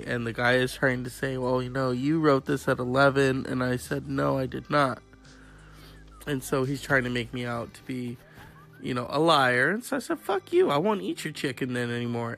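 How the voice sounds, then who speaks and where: A man's voice: medium pitch, fairly bright tone. A man vlogging in a casual, profane, rambling rant.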